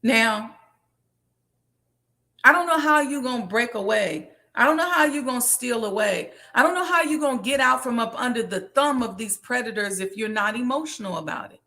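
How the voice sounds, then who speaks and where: A woman's voice: a little high, animated, normal speed, bright, forceful tone. A woman hosting a business question show, talking in an impassioned, preachy monologue and repeating phrases for emphasis.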